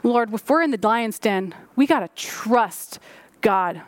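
Woman pastor, high voice, dry close sound; sermon with prayerful emphasis. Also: expressive, slow pace, dry recording. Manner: preaching with rising and falling emphasis, prayerful.

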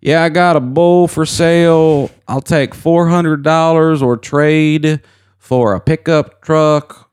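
Drawly eastern kentucky guy selling his bull on a radio swap show, kinda higher and slow, a man putting it on. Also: steady tone, a little mellow, clear, resonant tone. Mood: folksy.

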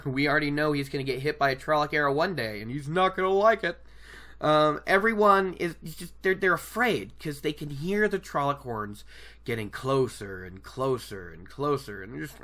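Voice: medium pitch, a bit bright. A host giving casual commentary on a book, chatty and digressive, often laughing at their own jokes.

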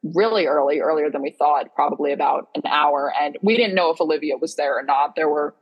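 Young woman, kinda husky and low, telling stories all animated on a podcast. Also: a little fast, lo-fi sound. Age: young adult. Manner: excitable storyteller, animated retelling. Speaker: podcast co-host. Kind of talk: casual chat.

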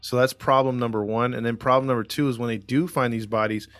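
A man's voice: mid-range voice, steady tone, fast, fairly bright tone, clean tone, no room sound. A man co-hosting a casual true-crime podcast, telling the story with lots of fillers and restarts. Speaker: podcast co-host.

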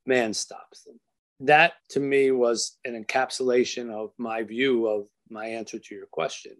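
A man as an interview guest, telling a story in an earnest, measured way and slowing down for emphasis. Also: medium pitch. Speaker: author and guest.

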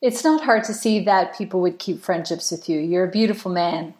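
A woman's voice: on the low side, a little fast, darkish tone. A woman hosting a podcast, asking her guest questions with curiosity. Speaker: podcast host. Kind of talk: casual interview questions. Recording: roomy echo.

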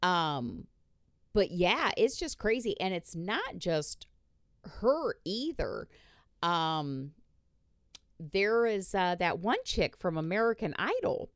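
A woman's voice: on the low side, very animated, slow pace, dry recording, clean studio sound. A woman hosting a podcast, ranting bluntly and swearing in casual chat. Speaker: podcast host.

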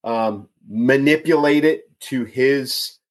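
A man's voice: medium pitch, takes it slowly. A man from outside Chicago with a Chicago accent, talking politics in a casual chat, emphatic and often repeating his words. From outside Chicago, USA.

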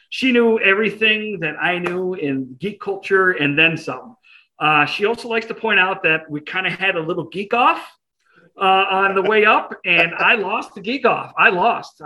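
A man's voice: fairly high pitch, poor audio. A man, telling a self-deprecating story in a casual interview. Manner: self-deprecating, animated anecdote with quoted voices. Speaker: interview guest.

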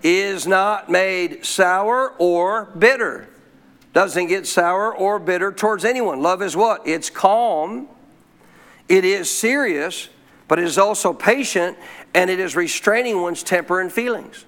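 A man preaching a sermon, throwing frequent questions to the congregation and slowing down to stress key phrases. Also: sits high, a bit bright. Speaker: pastor.

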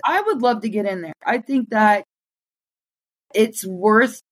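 A woman guest in casual conversation, talking excitedly with many "like" fillers. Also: on the high side, takes it slowly, breathy edge, dry recording, rough recording.

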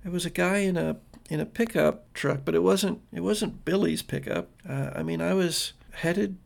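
A man with a gravelly voice voicing a confused, teary young woman who stammers and trails off. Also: fairly high pitch, moderate pace, pitched above the performer's own voice.

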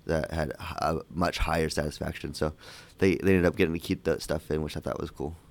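A man co-hosting a casual movie podcast, joking around and rambling with halting fillers. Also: rumbling low, little pitch movement. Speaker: podcast co-host.

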